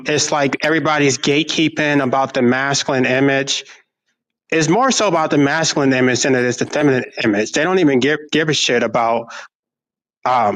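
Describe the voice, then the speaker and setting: A man with a slightly higher voice than most men, talking in a casual online panel. He speaks candidly and emphatically and swears freely. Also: fairly bright tone, poor audio. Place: online video call.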